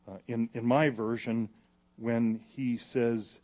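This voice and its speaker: A man preaching a sermon, reading scripture loudly and then dropping to hushed, pleading asides. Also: mid-range voice, slow pace. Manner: animated, swings from loud reading to hushed pleading. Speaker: pastor.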